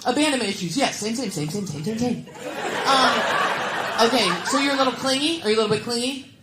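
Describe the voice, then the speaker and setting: A woman's voice: on the high side, fast, heavy background noise. A woman stand-up comedian doing crowd work, teasing the audience with blunt questions. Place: comedy club stage. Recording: echoey comedy club with loud crowd laughter. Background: audience laughter.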